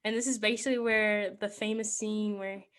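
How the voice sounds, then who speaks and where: A woman's voice: medium pitch, flat delivery, a little fast, fairly bright tone, clean tone. A woman hosting a podcast, chattily recapping a movie plot, laughing often and filling with "like". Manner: chatty, giggly, heavy on "like". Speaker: podcast host.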